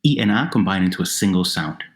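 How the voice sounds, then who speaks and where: A man narrating a language lesson, explaining slowly and carefully and repeating words for the listener, over a noisy voice-over recording. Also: low voice, animated. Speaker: Spanish teacher. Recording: noisy narration with faint music.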